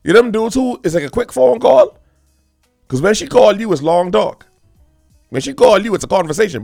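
Animated male comic, gravelly voice, slightly high, teasing monologue. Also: moderate pace, pauses often, no echo, studio quality, faint music behind. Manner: animated, rambling, teasing, direct address. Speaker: comedian. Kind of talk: comedic monologue.

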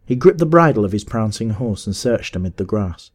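A man narrating a classic adventure story in a measured, steady audiobook reading. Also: on the low side, breathy edge.

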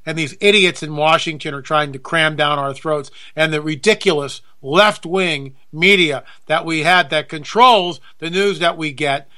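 A man's voice: on the high side, bright, forceful tone. A male talk show host delivering an indignant, ranting monologue, repeating himself for emphasis.

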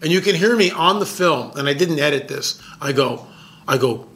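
A man who makes documentaries, telling a story in an excited, emphatic way and often repeating his words. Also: a little high, moderate pace. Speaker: documentary filmmaker. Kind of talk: casual storytelling monologue.

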